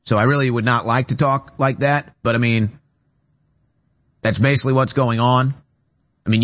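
A man's voice: medium pitch, fairly bright tone. A man hosting a talk show from a studio, delivering an emphatic, repetitive political monologue with rising urgency. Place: radio studio.

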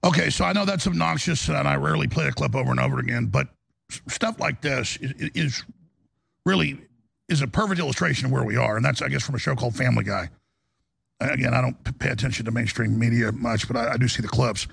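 A male talk radio host with a gravelly, raspy voice, rambling in an impassioned studio monologue with restarts and rising outbursts. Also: medium pitch, fast, a bit bright. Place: broadcast studio.

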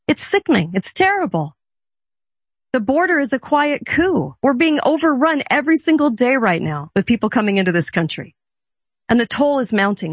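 A woman with a somewhat high voice launches into an emphatic talk-show rant. She piles on rhetorical questions without pausing for an answer. The recording is dull and lo-fi, with a dry, close sound. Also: breathy edge, dry recording.

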